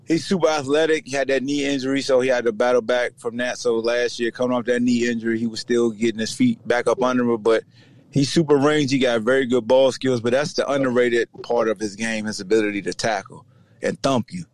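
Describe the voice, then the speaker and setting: On his laid-back sports podcast, a middle-aged Virginian and ex-player talks a little fast at medium pitch, full of slang. He jokes around and imitates other people with lively energy, on a dry recording.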